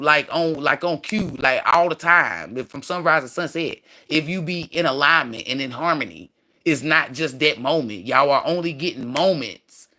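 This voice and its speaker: A man's voice: a little high, bright, forceful tone. A man hosting a spiritual livestream, preaching in a profane, rambling way. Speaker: livestream host.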